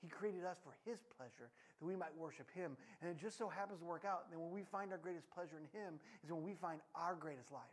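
A man preaching a sermon, mixing personal stories with scripture. His voice leaps up and cracks when a story gets excited, then drops low and quiet for serious points. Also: fast talker, few pauses. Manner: animated, voice jumps up and cracks when telling stories.

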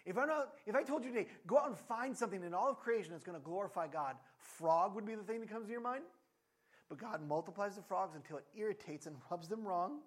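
A man in his thirties preaching a sermon in a conversational, animated way, acting out quotes. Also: high-pitched, brisk. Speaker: pastor.

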